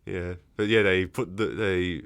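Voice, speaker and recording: A man's voice: sits low, a little slow, fairly bright tone. A man co-hosting a casual podcast who walks through film scenes and acts out quotes along the way. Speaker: podcast co-host. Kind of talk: casual chat.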